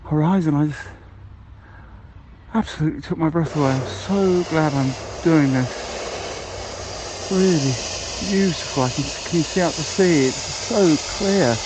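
A man's voice: a little high, measured pace, background noise. A man leaving rambling, cheerful voicemails as a balloon ride passenger, with many hesitations. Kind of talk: comic voicemail monologue.

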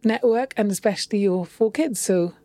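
A woman's voice: mid-range voice, normal speed, warm tone, no room sound. A woman hosting a casual interview, encouraging her guest with supportive comments and questions. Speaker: interview host.

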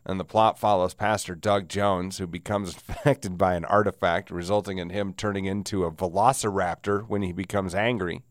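A man's voice: fairly low pitch, no echo. Wheezy, dry-sounding man podcasting. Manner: sardonic, laughs often, rambling. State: wheezy, stuffy from a sinus cold. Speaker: podcast host. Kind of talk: casual solo podcast rant.

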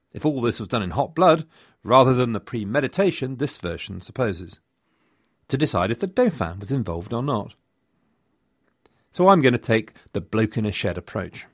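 A man's voice: fairly low pitch, dry recording, clean studio sound. A man narrating history as a podcast host, with wry, chatty asides. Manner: wry, lively storytelling with asides.

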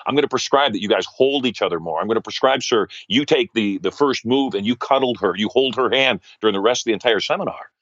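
Man, middle-aged, low voice, animated storyteller, dry slightly dull sound. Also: fast talker, few pauses, dry recording. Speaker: guest, wealth coach. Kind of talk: storytelling interview answers.

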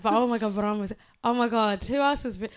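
A woman's voice: fairly high pitch, a little hiss or hum. A woman co-hosting a podcast, chatting casually with frequent laughs and exclamations. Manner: laughing, exclamatory, quick asides. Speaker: podcast co-host. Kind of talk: casual chat.

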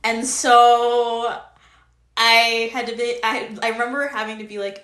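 A woman guest on a podcast, telling stories in a casual, animated way with laughter. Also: on the high side, normal speed. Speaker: guest author. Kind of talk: casual chat. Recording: roomy echo, faint music.

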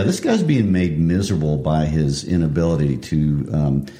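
A man co-hosting a literary discussion, measured and reflective. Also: extremely low pitch, mellow, reverberant. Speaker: podcast co-host.

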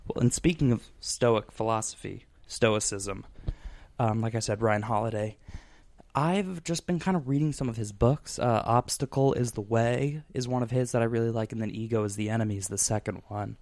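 A man's voice: on the low side, moderate pace, a little mellow, no room sound. A man hosting a podcast in casual chat, rambling with lots of fillers and restarts. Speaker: podcast host.

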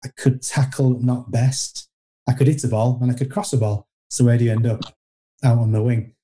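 Middle-aged man, deep dark timbre, casual rambling storyteller, ex-player interview guest. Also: little pitch movement, moderate pace. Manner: rambling anecdotal, frequent restarts, self-deprecating. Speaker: former footballer guest.

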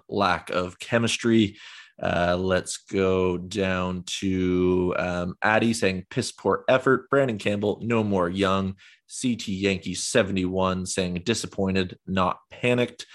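A young man hosts a fan football podcast in a relaxed, rambling way, full of fillers and self-deprecating asides. His voice sits very low. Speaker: podcast host. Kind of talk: casual football podcast chat.

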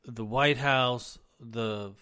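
A man hosting a solo commentary, folksy and relaxed at first, then insistent and heated about the economy. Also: medium pitch, extremely slow, smooth. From US East Coast. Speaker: business administrator, commentary host. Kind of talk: opinionated commentary.

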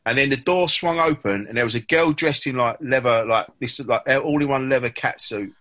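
A man telling an animated anecdote in a casual chat. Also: mid-range voice, moderate pace.

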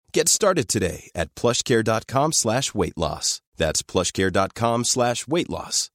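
A man reading a scripted ad in a steady, promotional way. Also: on the low side, no echo, studio quality. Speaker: ad announcer. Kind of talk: scripted ad read.

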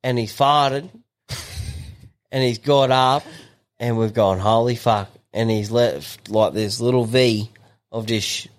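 A man co-hosts a podcast, telling crude stories in casual chat. His voice sits at an ordinary pitch. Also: steady tone, slow, pauses often. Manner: crude, chatty storyteller. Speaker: podcast co-host.

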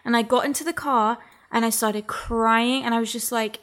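A woman with a slightly raised voice talks openly and emotionally in a relaxed conversation. She rambles, restarts and swears freely, her delivery heartfelt and unguarded. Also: fairly high pitch, moderate pace. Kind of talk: candid casual chat.

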